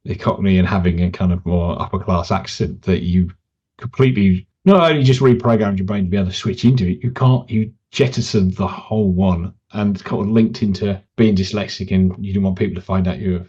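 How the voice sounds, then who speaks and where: A man's voice: sits low, fairly even intonation, a little fast, dark tone, breathy edge. A man hosting a podcast who asks long, rambling questions with a hesitant, easygoing manner. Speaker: podcast host. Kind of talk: conversational interviewing. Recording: dull lo-fi sound.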